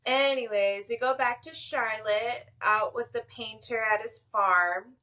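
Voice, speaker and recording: A young adult woman co-hosting a podcast in casual chat, with a deadpan, stern-sounding delivery. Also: fairly high pitch, a little slow, slight background noise. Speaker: podcast co-host.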